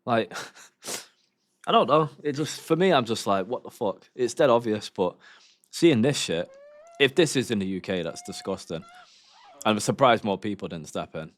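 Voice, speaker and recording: A man's voice: on the low side, lively intonation, moderate pace, long pauses, no echo. A young man, chatting casually on a livestream while reacting to videos, rambling and swearing in slang.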